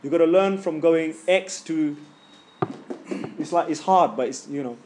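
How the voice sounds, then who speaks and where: There's background noise as a middle-aged Quran recitation teacher coaches his class in tajweed, casually and with his own demonstrations of the sounds. He speaks at a measured pace in a voice on the high side.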